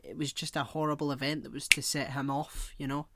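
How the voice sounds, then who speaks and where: A man co-hosting a podcast, chatting casually and rambling, often pausing to hunt for the right word. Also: on the high side, flat delivery, noisy background. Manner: rambling, searches for words with many fillers. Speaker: podcast co-host. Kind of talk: casual chat.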